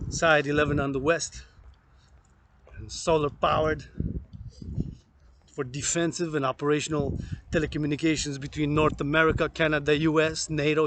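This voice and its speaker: A man's voice: on the high side, noisy background. A man in his thirties, a fitness vlogger, talking in a rambling, profane monologue that jumps from topic to topic.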